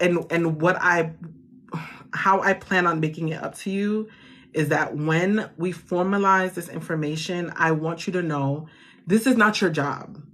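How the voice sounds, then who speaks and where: A woman's voice: sits low, a bit bright. A woman hosts a live funding chat. She speaks casually and reassuringly, laughing easily and often restarting her sentences mid-thought. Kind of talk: casual live-stream talk to viewers.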